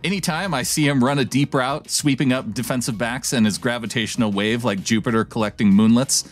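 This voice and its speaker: A male podcast co-host reads a listener's email with a playful, theatrical delivery before slipping into casual chat. His pitch is medium, he talks a little fast, and soft music plays in the background.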